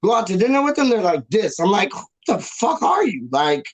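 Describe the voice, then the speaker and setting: A man's voice: high voice, big pitch swings, a little fast, poor audio. A young man, co-hosting a casual chat, rambling in slang full of "like" and "dog". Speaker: co-host.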